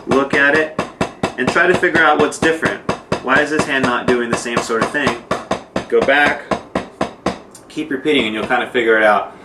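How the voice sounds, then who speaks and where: A man gives a laid-back drum lesson, explaining strokes in plain, informal words. His voice sits at an ordinary pitch and is picked up from across an echoey room, with noise in the background. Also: normal speed, pauses often. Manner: relaxed, informal, with fillers and demonstrations. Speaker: drum teacher. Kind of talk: casual instructional talk. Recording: echoey room, mic far off, noisy.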